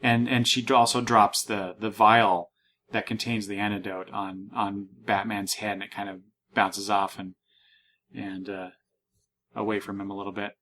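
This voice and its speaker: A man's voice: lowish voice, little pitch movement, normal speed, fairly bright tone. A man hosting a casual podcast, talking through a comic book with many restarts and fillers, reading panels aloud. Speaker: podcast host.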